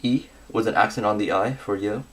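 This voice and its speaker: A young man giving a scripted grammar lesson, working through verb endings slowly and methodically. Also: lowish voice. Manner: methodical, reads conjugations slowly with pauses.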